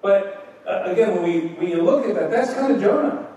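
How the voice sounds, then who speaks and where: A man preaching in a church, his slightly high voice carried across a very echoey room. He sounds a little distant from the mic, with faint background noise behind him. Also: expressive, fairly quick, dark tone. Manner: conversational, rhetorical questions, acts out quotes. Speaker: pastor. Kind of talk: evening sermon, Bible teaching.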